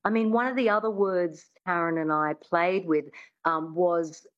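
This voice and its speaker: A woman's voice: lowish voice, fairly even intonation, unhurried, dull audio. A woman working as a coach, chatting in an interview with lots of "I mean" restarts. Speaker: accent coach. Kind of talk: casual interview chat.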